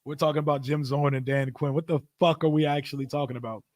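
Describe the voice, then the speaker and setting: A man hosting a casual football watch-party stream, talking in an animated, profane way and laughing often. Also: on the high side, quick pace, no room sound, clean studio sound. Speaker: livestream host.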